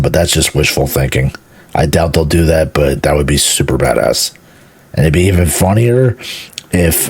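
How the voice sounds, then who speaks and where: A man's voice: sits low, darkish tone, husky, no room sound. A man from Houston, Texas, a gaming streamer, gives a casual, enthusiastic reaction to a game trailer, rambling, repeating words and swearing casually.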